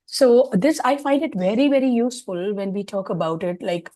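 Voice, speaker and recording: A woman's voice: mid-range voice, normal speed, mellow, dry recording. A woman leadership coach sharing her view in an online group discussion, earnest and hesitant with many fillers.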